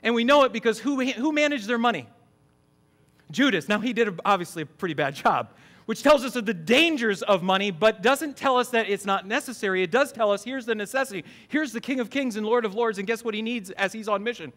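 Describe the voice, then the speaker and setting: A man's voice: high-pitched, brisk, a bit bright. A middle-aged man preaching a sermon as campus pastor, emphatic, often asking the congregation questions.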